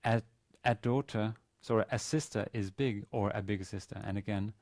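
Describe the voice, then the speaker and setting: Male university lecturer, low mellow voice, hesitant and explanatory, dry close sound. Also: steady tone, moderate pace, no echo. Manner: hesitant, explanatory, many fillers and restarts. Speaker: Arabic teacher. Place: university teaching room.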